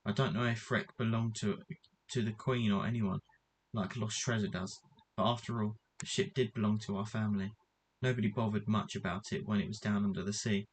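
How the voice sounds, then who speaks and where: A man reading a storybook aloud, voicing a headstrong, excited girl with high, eager exclamations. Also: fairly quick, a little hiss or hum, lightly acted. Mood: earnest.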